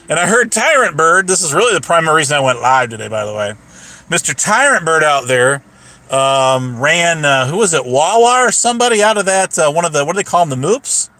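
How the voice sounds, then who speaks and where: A man's voice: on the high side, expressive, fairly quick, bright, forceful tone, no echo. A man ranting on a casual livestream, rambling and profane, with lots of restarts.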